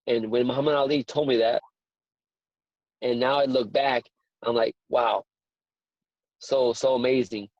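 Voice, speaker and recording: A man in his forties, a boxing trainer, telling stories as a guest in a casual interview with earnest, excitable repetition. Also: medium pitch, dry recording, dull audio. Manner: earnest, excitable storyteller who repeats words.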